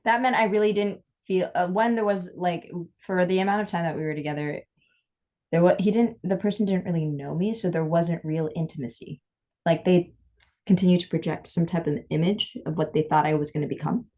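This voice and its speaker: A woman co-hosting a podcast in a casual, heartfelt chat. Her voice sits on the low side, and she talks candidly, doubling back on her words and acting out what she once said. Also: fairly even intonation, brisk, darkish tone. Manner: candid, rambling with frequent restarts and quoted asides. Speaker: podcast co-host.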